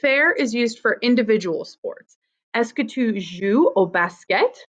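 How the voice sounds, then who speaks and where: Woman French teacher, slow unhurried delivery, clear drilling, classroom lesson. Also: fairly high pitch, lively intonation. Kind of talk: vocabulary lesson for students.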